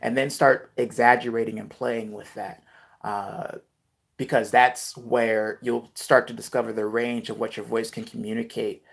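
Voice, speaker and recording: Man, gravelly voice, relaxed live-stream chat, rap coach, lots of ums. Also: medium pitch, moderate pace. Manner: relaxed, filler-heavy, reads viewer comments aloud.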